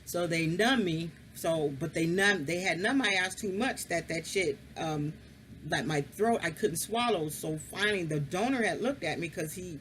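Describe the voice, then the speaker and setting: A woman's voice: low-pitched, a bit bright, slight background noise. A woman casually telling a personal story, frank and candid, swearing freely and confiding straight to the listener.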